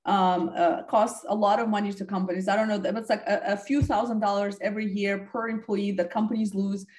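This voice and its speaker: Female interview guest, conversational, mid-pitched, restarts phrases. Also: flat delivery, a little fast, a little mellow. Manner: thoughtful, restarts phrases often. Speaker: podcast guest, talent development head.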